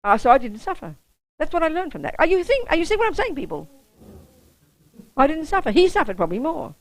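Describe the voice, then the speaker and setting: Blunt, animated woman giving a dharma talk. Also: sits high, fast talker, low-quality recording. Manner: blunt, lively, keeps checking the audience understands. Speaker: Buddhist nun and teacher. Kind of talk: public dharma talk with personal storytelling.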